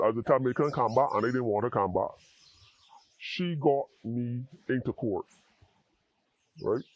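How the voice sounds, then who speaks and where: A man tells his personal story in an interview, earnest and halting, often repeating words as he searches for them. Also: mid-range voice, no echo, muffled recording. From Barbados. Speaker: interview guest in addiction recovery.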